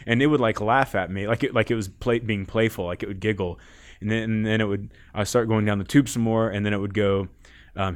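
A man's voice: fairly low pitch, fairly even intonation, fast talker. A man guest on a podcast, telling a rambling story in casual talk, often laughing and swearing.

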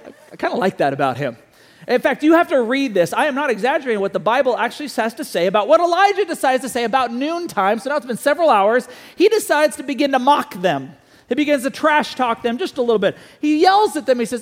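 A man preaching a sermon, telling a story with animated delivery and putting questions to the listeners. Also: extremely high pitch, a little fast, in a large hall. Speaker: pastor.

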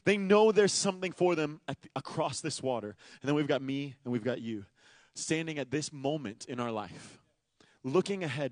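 A man in his thirties preaches with a somewhat high voice, talking to the congregation like a friend and shifting easily between jokes and earnest appeals. The sound is close and dry, with no room around it. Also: normal speed, dry recording. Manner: conversational, animated, self-deprecating asides. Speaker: pastor. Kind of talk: sermon.

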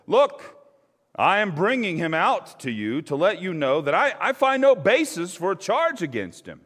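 A man's voice: high-pitched, big pitch swings, moderate pace, fairly bright tone, voice pushed up, exaggerated voice. A man voicing an anxious Roman governor during a scripture reading, pleading and insistent. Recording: long church reverb.

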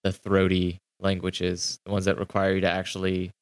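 Blunt man with a low voice. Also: completely flat delivery, normal speed. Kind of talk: casual chat.

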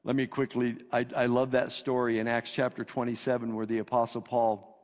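A male pastor preaching a sermon, emphatic and repetitive, swinging between loud declarations and hushed lines. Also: medium pitch, flat delivery, brisk. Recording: long reverb of a hall.

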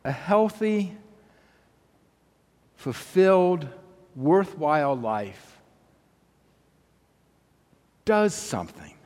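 Slow, measured male preacher in a reverberant hall. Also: on the high side, big pitch swings, a little mellow. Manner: measured, unhurried, with long pauses between phrases. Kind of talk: sermon storytelling. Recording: long reverb of a large hall.

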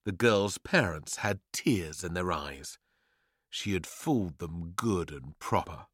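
A man's voice: deep voice, expressive, slow, fairly bright tone, husky, dry recording, clean studio sound. A man reading a children's story aloud with playful, theatrical delivery. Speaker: narrator.

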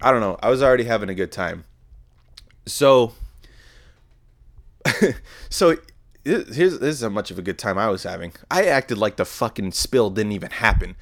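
Lively intonation and long pauses mark this young man's fairly low voice as he speaks at normal speed. He's a podcast host spinning a rambling, profane story of a night out in a casual monologue.

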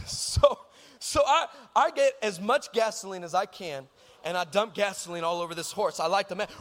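A man's voice: sits high, normal speed, long pauses, long reverb tail. A man with a Texan accent preaching a sermon, telling a comic story and often asking the congregation if they are with him. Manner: animated, shouting at punchlines, conversational asides to the congregation. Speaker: pastor.

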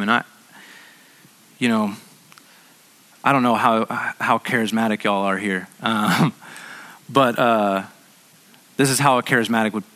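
A man's voice: medium pitch, a bit bright. A man preaching a sermon as a pastor, in a conversational way that often repeats words as he restarts.

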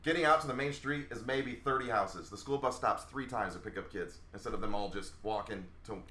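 A man guest co-hosting a podcast, telling quick, animated anecdotes that jump up in pitch when he quotes people. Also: echoey room. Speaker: guest co-host. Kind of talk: casual podcast chat.

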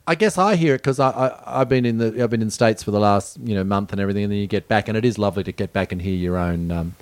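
A man chatting casually in quick, jokey banter. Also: on the low side, dry recording. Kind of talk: casual chat.

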